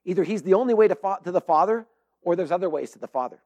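Middle-aged male pastor with a high voice, earnest and emphatic sermon delivery. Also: lively intonation, rapid-fire, a little mellow, muffled recording. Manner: earnest, emphatic, with frequent fillers and restarts.

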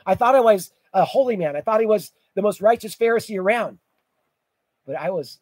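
A man's voice: high voice, a little fast, a little mellow, no room sound, poor audio. A middle-aged man preaching a sermon as pastor, telling vivid stories, his voice rising and falling in volume. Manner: storytelling preacher, rises and drops in volume.

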